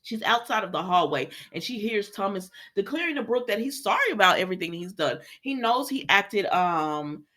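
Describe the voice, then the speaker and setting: A woman chatting casually as she recaps a soap opera, a lively storyteller who acts out the characters' lines. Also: mid-range voice, moderate pace, few pauses. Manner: chatty, lively storyteller acting out quotes in voices.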